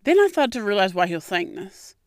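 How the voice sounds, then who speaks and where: A young adult woman hosts a podcast, telling a personal story in a casual monologue that's candid and expressive, with free swearing and acted-out quotes. Her voice sits at medium pitch and moves fairly quickly, captured in a dry, clean studio recording.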